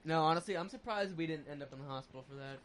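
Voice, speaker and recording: Blunt profane podcast co-host. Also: male voice, fairly high pitch, racing, crowd noise. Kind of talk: casual podcast chat.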